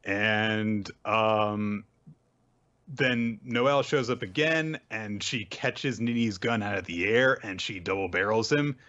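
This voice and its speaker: A man's voice: fairly low pitch, pushed and bright, dull audio. A man hosting a casual podcast, loosely retelling a manga chapter with many fillers. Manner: loose retelling with many fillers, puts on quick voices for characters. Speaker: podcast host. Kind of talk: casual chat recapping manga.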